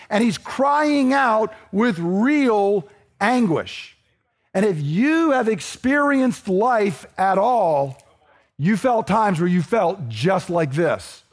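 A man's voice: high-pitched, big pitch swings, slow pace. A man preaching a sermon in a conversational, emphatic way, often checking in with his listeners. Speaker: pastor.

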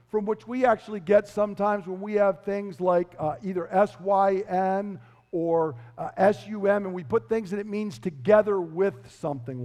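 A man's voice: sits high, a little mellow, big-room sound. A male pastor preaching an expository sermon, emphatic, repeating key phrases and quizzing his listeners.

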